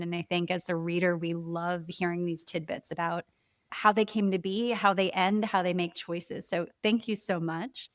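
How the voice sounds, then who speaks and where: A woman hosting a podcast interview about books, enthusiastic and quick to laugh as she asks her guest questions. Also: lowish voice, no room sound, studio quality. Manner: warm, enthusiastic, laughs easily. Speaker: podcast host. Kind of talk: conversational interview.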